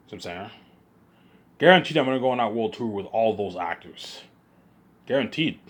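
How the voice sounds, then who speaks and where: A man's voice: lowish voice, lively intonation, normal speed. Hyped man rambling in circles. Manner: hyped, repetitive, keeps circling back. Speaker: vlogger. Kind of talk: rambling monologue.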